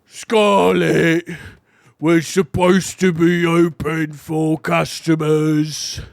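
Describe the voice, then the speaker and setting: A man voicing a big, gruff male tavern chef in a tabletop game, talking loudly and bluntly. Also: on the high side, flat delivery, very slow, no echo, clean studio sound, full character voice.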